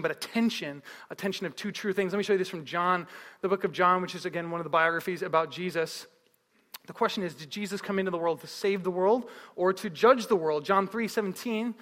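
A man preaching a sermon as pastor, telling stories in a lively way and asking the crowd one question after another. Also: high-pitched, fairly quick, in a large hall. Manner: lively storytelling with repeated rhetorical questions.

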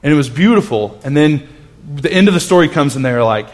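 A pastor in his thirties preaches a conversational sermon, earnestly relating a personal story with frequent restarts and dropping to a hush at tender moments. His voice is fairly high, expressive, and a little fast.

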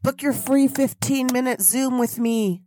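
A woman's voice: high voice, measured pace, dark tone, a little hiss or hum. A woman hosting a spiritual motivation podcast, talking in an effusive, preachy way and leading chanted affirmations. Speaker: podcast host.

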